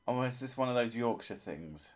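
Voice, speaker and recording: A man's voice: medium pitch, expressive, moderate pace. Joking, swearing male gaming host. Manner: joking, swearing freely, laughing often. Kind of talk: casual gaming chat.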